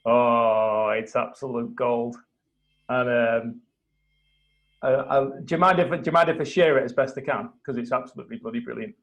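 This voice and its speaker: A man hosting a live video call, retelling a story with lively acted-out quotes and a few restarts. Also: medium pitch, normal speed, lo-fi sound. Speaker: host of a mastermind call.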